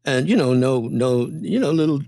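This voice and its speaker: Older male comic guest, rambling anecdotal delivery, lively pitch, dry close mic. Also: moderate pace, gravelly, no room sound. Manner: rambling, animated, lots of fillers and restarts. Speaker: comedian and impressionist guest. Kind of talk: casual storytelling chat.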